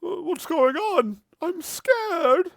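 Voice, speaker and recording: Man doing a panicky merchant NPC, high quavering pleas, lively pitch. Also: very slow, creaky, no echo, full character voice. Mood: frightened. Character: frightened male merchant, whimpering.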